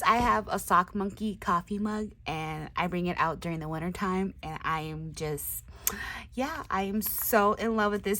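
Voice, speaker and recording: A woman unboxes swap gifts for her crafting channel, talking casually at a moderate pace in a mid-range voice. Her excited exclamations mix with quiet whispered asides, and the audio has a little hiss or hum.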